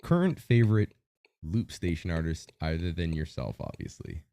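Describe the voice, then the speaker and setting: A man hosting a podcast interview over a video call, with an energetic, announcer-like delivery. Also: low voice, normal speed. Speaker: podcast host. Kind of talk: hype-style interview hosting.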